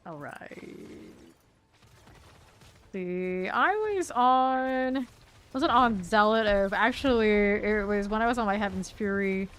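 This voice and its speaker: A woman's voice: medium pitch, slow, fairly bright tone, smooth. A woman streamer chatting casually and thinking aloud while she sorts loot during gameplay commentary.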